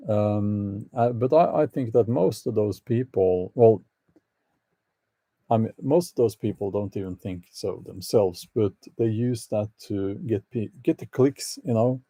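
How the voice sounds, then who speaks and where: A man hosts a casual live chat, answering his viewers with lots of hesitation and fillers, tossing out wry opinions and laughing often. His gravelly voice is lowish, mellow, and a little slow, with no room sound.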